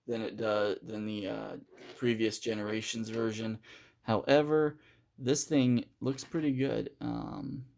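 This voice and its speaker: A man's voice: medium pitch, vocal fry, darkish tone. A man giving a casual, unscripted toy review, hesitant and full of fillers as he handles the figure.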